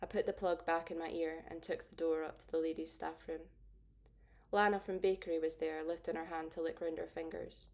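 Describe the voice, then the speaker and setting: A woman narrating a first-person audiobook in a steady, understated way. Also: deep voice, brisk.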